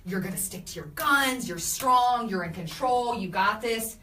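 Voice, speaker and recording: Chatty woman host, bright roomy sound. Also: a little high, measured pace, far from the mic, soft background music. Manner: chatty, animated storytelling with laughs. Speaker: radio host doing a live video. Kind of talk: casual live-stream chat reading comments.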